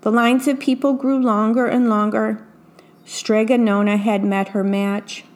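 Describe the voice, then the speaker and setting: A woman reading a picture book aloud, pausing to describe the pictures casually. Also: on the high side, flat delivery. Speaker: storyteller.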